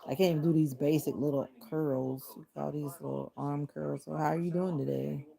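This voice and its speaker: A woman with a low, gravelly voice chats casually with viewers on a livestream. Her tone is mellow and deliberately monotone. She talks while doing arm exercises on her couch. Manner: deliberately flat, monotone delivery. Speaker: livestream host.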